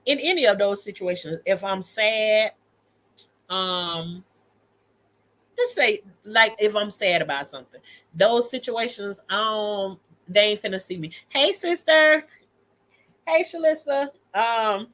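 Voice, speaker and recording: A woman's voice: medium pitch, bright, forceful tone. A woman hosting a casual livestream, telling stories about family and her kids with candid emphasis and frequent laughter. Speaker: livestream host and mother.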